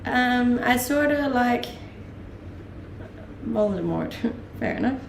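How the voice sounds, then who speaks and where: This young woman from Denmark has a fairly high, gravelly voice and speaks slowly but animatedly. She's chatting casually on a live stream, answering viewer questions with many laughs and fillers. Slight background noise, an echoey space, and a mic set a little back shape the recording.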